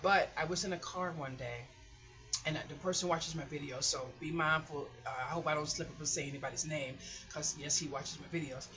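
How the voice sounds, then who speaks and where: A woman's voice: deep voice, fairly even intonation, brisk, fairly bright tone, faint music behind. A woman vlogger telling stories casually and emphatically, acting out her own past words. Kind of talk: casual storytelling. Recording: dull lo-fi recording.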